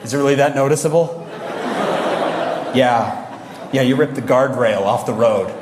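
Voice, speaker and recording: A man giving a motivational talk to a young audience, telling lively, self-mocking stories and often asking the crowd questions. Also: mid-range voice, normal speed, slight background noise. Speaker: speaker. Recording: echoey large hall.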